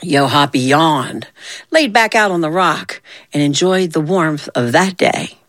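A woman telling a children's story in an animated, folksy way. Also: lowish voice, measured pace, no echo, clean studio sound. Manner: animated, folksy, voicing characters.

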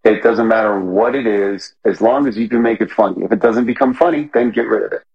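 A comedian guest talking casually in a rambling, filler-heavy way, often correcting himself. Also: male voice, fairly low pitch, fairly quick, gravelly, breathy edge, muffled recording. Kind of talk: casual interview chat.

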